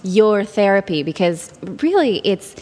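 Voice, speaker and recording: A woman's voice: medium pitch, sing-song, unhurried, darkish tone, in a large hall. A woman chatting casually on a parenting panel, rambling and searching for words as she talks. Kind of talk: casual chat.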